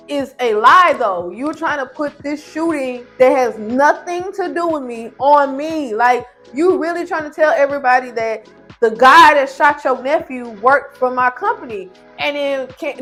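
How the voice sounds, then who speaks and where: A woman reviewer giving a casual, opinionated recap of a reality show in slangy, animated speech. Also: high-pitched.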